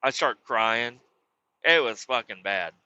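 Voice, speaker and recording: A man spins a rambling, profane comic story in a sharp, very bright voice. The recording is dry and a little dull, with no room sound. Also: medium pitch, normal speed, clear, resonant tone, no room sound. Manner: crude, rambling, animated swearing. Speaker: podcast host.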